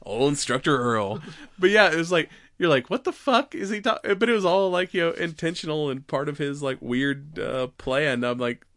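A man's voice: a little high, moderate pace, a bit bright, dry recording, clean studio sound. A man co-hosting a podcast, retelling a film in casual chat, laughing often and acting out its lines. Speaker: podcast co-host.

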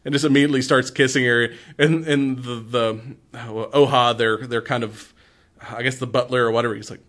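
A middle-aged man with a bright, forward tone, chatting loosely about an old film. He keeps laughing and slips into quick voices for the characters he retells. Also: mid-range voice, fairly even intonation. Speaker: movie podcast co-host. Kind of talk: casual chat.

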